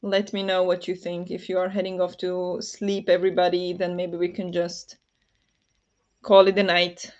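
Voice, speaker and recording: A woman's voice: lowish voice, monotone, moderate pace, a little mellow, dull audio. A woman with a Flemish accent hosting a casual livestream from home, laughing often and reading the chat aloud. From Flanders. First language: Dutch. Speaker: livestream host. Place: home at night.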